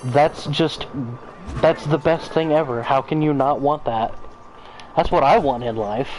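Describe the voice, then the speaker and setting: A man's voice: a little high, a little slow, a little mellow, a little hiss or hum, rough recording. A man giving casual, profane gameplay commentary, rambling with joking asides. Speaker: let's play host.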